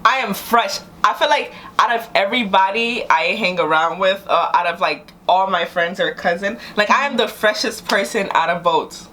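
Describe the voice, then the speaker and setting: A young woman from New York City chatting as a guest, animated and boastful, talking in quick bursts. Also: mid-range voice, slight background noise. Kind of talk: casual chat.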